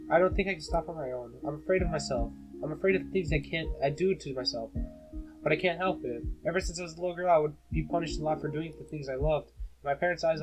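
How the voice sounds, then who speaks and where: A man voicing a shy, fragile high-school girl, talking softly with halting, apologetic words. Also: natural voice, low-quality recording. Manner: soft, halting, apologetic speech. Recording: guitar music playing underneath. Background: guitar music.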